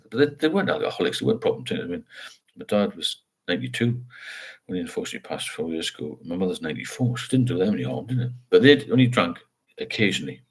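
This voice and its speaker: Frank older man, low and husky. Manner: rambling, frank, asks tag questions. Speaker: livestream host. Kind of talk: casual live chat, reading viewer comments.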